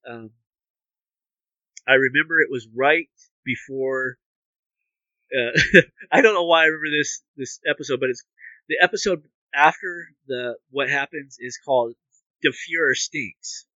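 Bright-voiced man co-hosting a podcast. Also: medium pitch, measured pace, no echo, highs cut off. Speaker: podcast co-host. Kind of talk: casual podcast chat.

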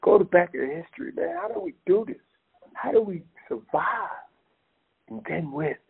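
Gravelly man on a tinny phone line. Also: high-pitched, animated, normal speed. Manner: emphatic, rambling, addresses listener directly with "man". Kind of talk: impassioned casual talk.

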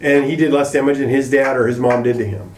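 A man's voice: medium pitch, steady tone, fast, a little mellow, a little hiss or hum. A man in his fifties, a podcast co-host, talking reflectively in a casual group conversation. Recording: echoey room, away from the mic.

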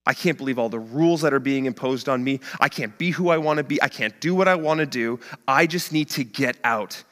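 A man's voice: mid-range voice, brisk, fairly bright tone, close to an everyday voice. A man voicing a resentful young man who mutters bitterly under his breath, heard with long reverb in a large hall. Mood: bitter muttering. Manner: muttered, half-whispered.

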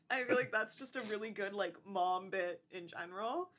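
A woman's voice: moderate pace, hardly any pauses. A young woman co-hosting a podcast in casual chat, gushing about a movie and acting out lines. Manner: gushing, animated, acts out movie lines in high voices. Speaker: podcast co-host.

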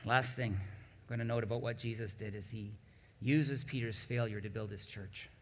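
A man's voice: fairly low pitch, fairly even intonation, moderate pace. Male pastor preaching in a reverberant hall. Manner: preaching with swelling emphatic peaks. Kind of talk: sermon.

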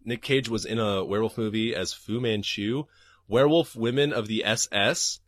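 A man's voice: on the low side, moderate pace, no room sound, clean studio sound. A man hosting a podcast and reading live chat, talking casually and profanely and laughing often.

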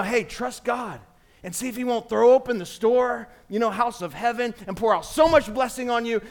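Pastor, male, 40s, high voice, casual preaching style that calls on the congregation. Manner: conversational preaching with call-and-response. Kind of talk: sermon. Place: church sanctuary.

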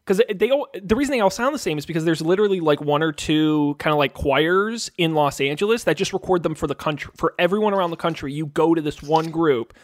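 A man's voice: fairly high pitch, expressive, fast, hardly any pauses, dry recording. A man co-hosting a podcast, rambling and joking in casual banter. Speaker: podcast co-host.

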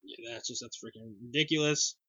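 A man's voice: mid-range voice, a little fast, sharp tone, husky, dry recording, muffled recording. A young man in casual chat, rambling through a story, acting out quoted lines and swearing freely. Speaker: podcast co-host recapping a reality cooking show.

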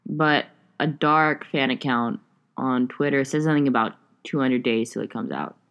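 Young woman with a low voice rambling on her podcast, lots of likes and ums, swears casually. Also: steady tone, moderate pace, a bit bright. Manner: rambling, chatty, frequent fillers and swearing. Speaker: podcast host. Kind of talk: casual solo podcast chat.

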